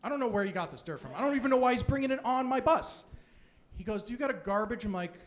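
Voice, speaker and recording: Young man, stand-up comedian, high-pitched, sarcastic, brash, club stage mic. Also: expressive, fast. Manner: brash, sarcastic, loud outbursts at a heckler. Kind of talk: stand-up set with crowd work.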